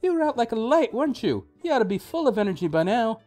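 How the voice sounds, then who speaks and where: A man voicing a cheerful, chatty mother as he reads a video game's dialogue aloud, in a bright, sing-song put-on voice. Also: very high voice, sing-song, fast, soft background music, voice pushed up. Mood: cheery.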